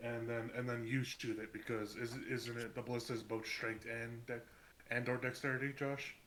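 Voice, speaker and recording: A man's voice: mid-range voice, flat delivery, normal speed, a bit bright. A man playing a tabletop game who hesitates and repeats his words. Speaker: player. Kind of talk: casual tabletop game chat.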